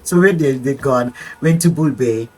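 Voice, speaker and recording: An older woman telling a personal story as an interview guest. She is an animated storyteller who acts out dialogue and laughs often. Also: a bass voice, moderate pace, rough recording.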